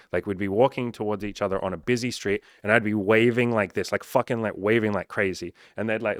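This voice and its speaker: A man's voice: on the low side, no room sound, studio quality. A man talking as a dating coach in a casual, blunt monologue full of swearing. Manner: blunt and profane, conversational.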